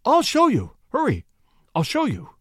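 A man's voice: high-pitched, huge pitch swings, measured pace, no room sound, clean studio sound, full character voice. A man reading a story aloud, voicing a frightened mother whose cries grow urgent and frantic. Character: frightened woman, a mother sensing danger. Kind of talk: audiobook reading.

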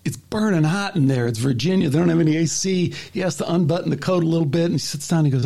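Gravelly man telling a story. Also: a little high, quick pace. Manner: animated retelling, acts out quoted voices. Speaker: podcast host. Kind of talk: casual storytelling chat.

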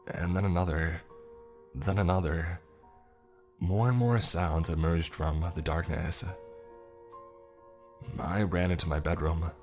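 A man reading a first-person horror story in a slow, grave storytelling manner. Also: deep voice. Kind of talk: scripted horror narration.

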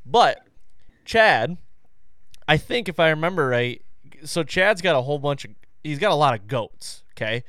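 Animated profane storytelling man. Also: a little high, normal speed, long pauses, clean tone, dry recording, clean studio sound. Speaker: podcast host. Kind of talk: casual storytelling chat.

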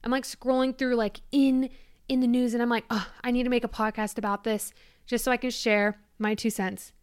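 A woman's voice: a little high, little pitch movement, a little fast, clean tone, no room sound, clean studio sound. A young woman in her twenties hosting her own podcast, chatting casually in a bubbly, gushing way with lots of "like"s. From Michigan. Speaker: podcast host. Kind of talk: casual solo podcast chat.

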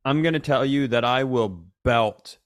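A man's voice: medium pitch, unhurried. A man co-hosting a casual comedy podcast, joking around and sometimes breaking into an exaggerated twangy sing-along. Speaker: podcast co-host.

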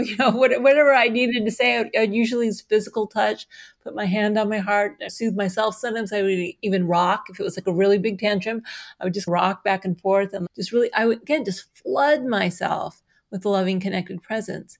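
A woman's voice: mid-range voice, fairly even intonation, brisk, gravelly. A middle-aged woman answering interview questions in an earnest, explanatory way, sometimes laughing. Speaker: guest, self-compassion researcher. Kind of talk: conversational interview.

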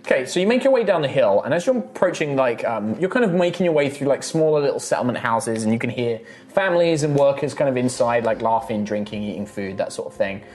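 A man's voice: medium pitch, animated, fast talker, a little mellow. A man narrating a tabletop game as game master, casual and rambling, with lots of fillers.

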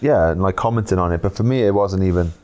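Welsh podcast host, chill and matey, lowish voice. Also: male voice, fast, a little mellow. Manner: easygoing, laughs often, matey. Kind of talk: casual chat.

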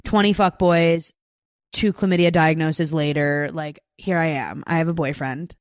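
A young woman guest chats casually on a podcast, candid and blunt with lots of filler words. Her voice is low for a woman. The recording is dry and close. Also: steady tone, unhurried, no echo. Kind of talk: casual chat. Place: Los Angeles.

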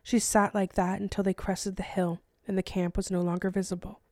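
A woman, an author, narrating her own novel as an audiobook in a steady, measured way. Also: mid-range voice, no room sound, clean studio sound. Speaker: author and podcast host.

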